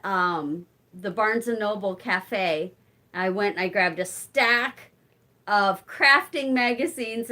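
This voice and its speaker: A woman's voice: medium pitch, sharp tone. A woman in her forties hosting a casual live-stream chat, answering viewers and talking to her cat. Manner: chatty, talks to her cat between replies to viewers. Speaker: channel host.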